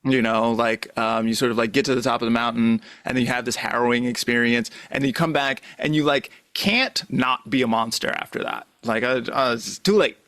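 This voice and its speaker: A man's voice: medium pitch, fairly even intonation, fairly quick, hardly any pauses, fairly bright tone, clean tone, dry recording. A man co-hosting a casual podcast chat, thinking aloud in a hesitant, musing way. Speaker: podcast co-host.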